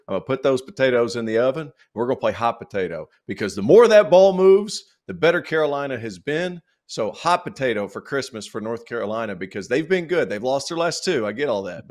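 Male co-host with a Southern drawl; mid-pitched, loose and joking. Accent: American South. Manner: rambling, joking, restarts. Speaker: podcast co-host. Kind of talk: casual sports banter.

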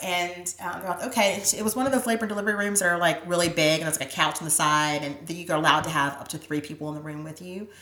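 A woman with a lowish voice tells a heartfelt personal story. Her speech is full of "like" and drops to a soft near-whisper when she is moved. She is recorded in an echoey room. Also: steady tone, fast talker, few pauses. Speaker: guest.

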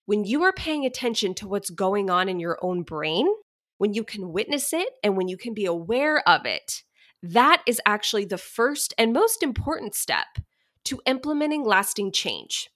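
A woman's voice: medium pitch, very animated, normal speed, a bit bright. A young adult woman hosting a solo money-coaching podcast, chatty and upbeat.

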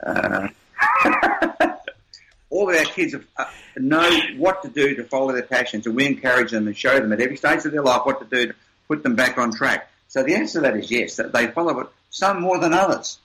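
A man's voice: mid-range voice, expressive, quick pace, bright, forceful tone, slight background noise, poor audio. An older man, an interview guest, telling motivational stories in an emphatic, upbeat way with repeated words. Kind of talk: motivational storytelling.

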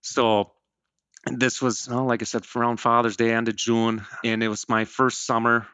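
A man's voice: medium pitch, flat delivery, moderate pace, fairly bright tone, clear, resonant tone, no room sound. A man around fifty, talking earnestly as a program member in a casual interview, often restarting and correcting himself. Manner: rambling, self-correcting, earnest.

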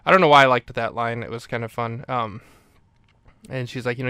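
Guy rambling through a movie recap, smooth clear voice, dry close mic. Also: medium pitch, fairly even intonation, a little fast, pushed and bright, no echo. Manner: rambling, self-correcting recap. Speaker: podcast host.

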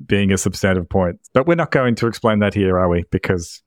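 A man with an Australian accent, co-hosting a podcast with teasing, deadpan banter. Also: fairly low pitch, brisk, no room sound, clean studio sound. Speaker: podcast co-host.

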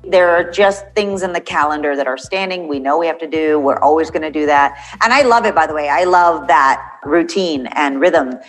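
A middle-aged woman being interviewed about her film role, chatting casually and acting out quotes with lively laughs. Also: low-pitched, normal speed, few pauses, poor audio. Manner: animated, acts out quotes, laughs often. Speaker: actress interviewed as guest.

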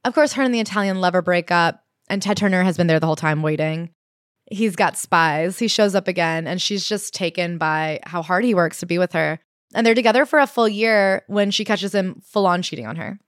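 A woman co-hosting a casual book-recap chat, retelling the story in a quick, animated way with quoted asides. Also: fairly low pitch, no room sound, clean studio sound. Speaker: podcast co-host.

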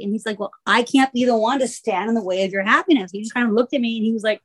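A woman's voice: a little high, very fast, few pauses, slightly rough. A woman co-hosting a podcast, telling a rambling, comic story in casual chat, full of "like" and swearing. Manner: profane, filler-heavy valley-girl talk. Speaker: podcast co-host.

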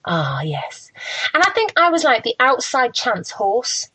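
Lively, expressive woman. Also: on the high side, unhurried, slightly rough, poor audio. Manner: very expressive, animated, laughs often. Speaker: radio and TV presenter. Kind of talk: casual storytelling interview.

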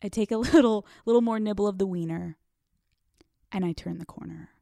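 A young American woman telling a comedic story, profane and lively, acting out the people in it. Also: mid-range voice, brisk, creaky, no room sound, studio quality. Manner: animated, profane, acts out quoted voices. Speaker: podcast host.

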